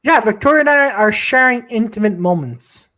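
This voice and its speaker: A podcast co-host on a live stream, a man with a high-sitting, expressive voice at a moderate pace, rambles through a story full of swearing and restarts. He keeps breaking off mid-story to shout out and greet viewers in this casual live-stream chat.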